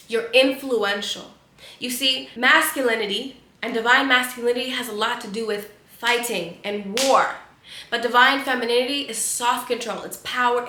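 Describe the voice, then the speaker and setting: A woman's voice: a little high, sharp tone, roomy sound. A woman spiritual coach giving an emphatic, preachy motivational talk with lots of repeated phrasing.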